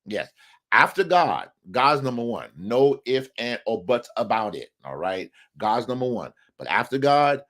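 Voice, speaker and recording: A man's voice: medium pitch, very animated, a little slow, fairly bright tone. A man hosting a live relationship show, talking emphatically and often asking the viewers questions. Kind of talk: live talk on marriage, preacher-like.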